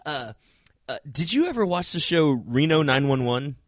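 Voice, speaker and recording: In studio-quality audio without echo, this podcast co-host speaks at a normal pace in a fairly high voice. Laughing through a lengthy comic tale, he tells it with lots of animation and shouts out what people said.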